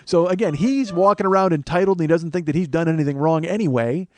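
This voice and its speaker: A man's voice: fairly high pitch, fast talker, dry recording. A man in his forties hosting a comedy podcast alone, rambling through profane, self-mocking asides. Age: 40s. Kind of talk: solo comedic monologue.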